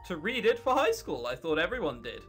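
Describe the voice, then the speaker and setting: A woman voicing a bold young woman in a visual novel, speaking playfully as if she is bluffing, with lively pitch. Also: brisk, faint music behind.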